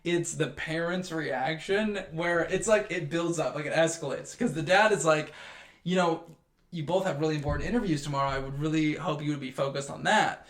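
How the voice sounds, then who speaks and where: Lively man acting out movie scenes. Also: a little high, brisk, roomy sound. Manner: animated, acts out movie lines. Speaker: podcast co-host. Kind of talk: casual movie review chat.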